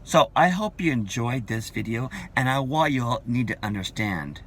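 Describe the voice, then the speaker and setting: A man's voice: mid-range voice, very animated, moderate pace, fairly bright tone, slight background noise. A man in his forties ranting in a vlog, emphatic and combative, repeating his points. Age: 40s. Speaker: vlogger.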